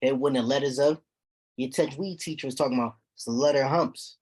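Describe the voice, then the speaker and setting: Man, husky voice, teacher in a classroom, repeats himself, keeps asking if students follow. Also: medium pitch, quick pace, darkish tone. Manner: repeats points, checks students with "okay?". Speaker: Quran recitation teacher. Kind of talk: classroom lesson.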